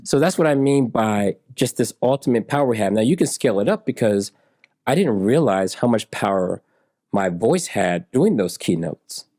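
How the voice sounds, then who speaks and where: A man in his forties, a podcast guest, tells stories and acts out their dialogue. His voice is lowish and warm, with lively intonation at a normal speed. The recording is clean studio sound with no room echo.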